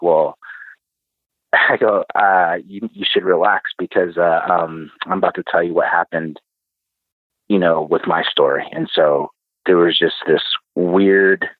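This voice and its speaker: A man guest telling a personal story casually, halting with many fillers and restarts. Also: low voice, dry recording. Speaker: podcast guest. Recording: tinny phone-like remote line.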